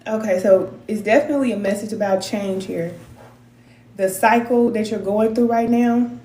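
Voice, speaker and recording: A woman's voice: medium pitch, fairly even intonation, normal speed, dark tone. A woman in her forties, a spiritual advisor, chatting casually and at length on a livestream and reading out viewer comments. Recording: roomy sound with faint noise.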